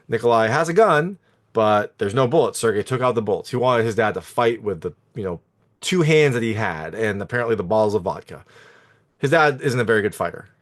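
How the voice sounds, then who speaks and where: A man's voice: on the low side, lively intonation, brisk. Chatty man recapping a movie. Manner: chatty, meandering, lots of fillers and asides. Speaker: movie reviewer. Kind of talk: casual spoken film recap.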